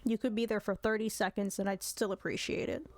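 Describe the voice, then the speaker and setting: A woman's voice: mid-range voice, flat delivery, a little fast. A woman streamer chatting casually with her viewers, giggly and apologetic.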